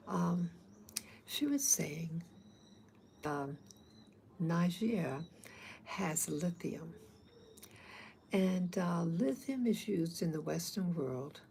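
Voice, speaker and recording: Slow gravelly woman vlogger. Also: lowish voice, darkish tone, slight background noise, poor audio. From abroad, not from Africa. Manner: rambling, hesitant, many fillers. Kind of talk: casual talk to camera.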